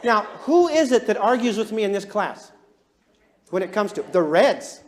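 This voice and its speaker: A man teaching a class, animated and often chuckling as he talks, and quizzing his listeners. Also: high voice, normal speed, noisy background. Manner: animated, chuckles while talking, quizzes the audience. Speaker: instructor. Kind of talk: classroom lecture.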